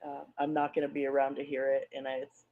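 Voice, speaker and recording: A woman making a hesitant, subdued personal statement to an online community, pausing often. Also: rumbling low, completely flat delivery. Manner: subdued, hesitant, many pauses and ums. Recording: muffled lo-fi audio, played back on a stream.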